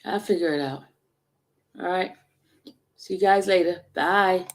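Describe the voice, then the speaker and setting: A woman's voice: lowish voice, unhurried. A woman hosting a livestream, talking casually and rambling straight to her viewers. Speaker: livestream host.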